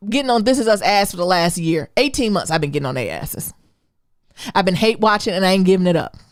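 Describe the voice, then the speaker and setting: A woman co-hosting a podcast, chatting casually about TV shows, animated and laughing often with quick asides. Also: medium pitch, no room sound, clean studio sound. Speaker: podcast co-host.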